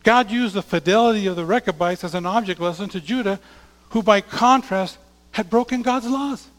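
A man preaching a sermon as a pastor, reading scripture aloud and swinging between loud declarations and hushed asides. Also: high-pitched, moderate pace. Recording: long hall reverb.

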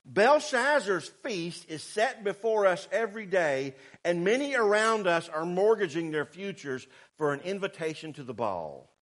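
A man preaching a sermon, fervent and swinging between shouted warnings and quiet asides. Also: sits high, big pitch swings, moderate pace, hardly any pauses. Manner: fervent, rising to shouts, then quiet and sarcastic.

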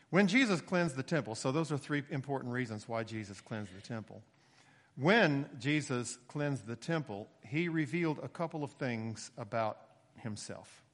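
A man's voice: medium pitch, normal speed. A male preacher giving an expository sermon, explaining steadily and rising for emphasis now and then. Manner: explanatory, steady teaching tone with occasional emphatic rises. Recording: long hall reverb.

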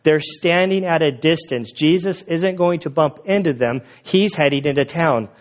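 Conversational preacher, slightly high voice. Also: male voice, moderate pace, dull audio. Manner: conversational, animated retelling with acted quotes. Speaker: pastor. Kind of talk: sermon.

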